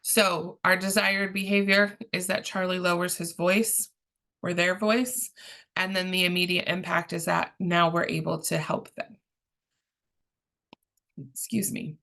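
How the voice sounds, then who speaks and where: A woman giving a training presentation in a calm, measured, explanatory way, pausing often with ums. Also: lowish voice, vocal fry.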